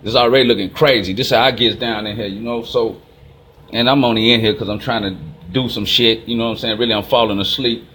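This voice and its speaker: A man with a Chicago accent delivering a rambling, casual monologue, telling stories fast and acting out both sides of the exchanges. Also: on the low side, steady tone, fairly bright tone, slight background noise. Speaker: channel host.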